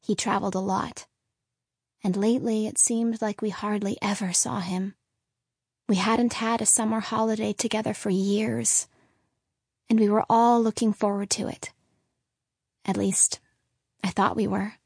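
A woman reading an audiobook in a steady, measured voice, mid-pitched and even. The sound is dry and close to the mic, with no room around it. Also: breathy edge, no room sound. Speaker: narrator. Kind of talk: audiobook narration.

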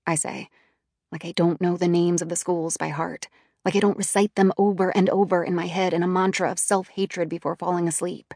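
A woman reading a first-person audiobook in a quiet, inward, subdued manner. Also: on the low side, flat delivery, brisk, no echo, clean studio sound. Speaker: audiobook narrator.

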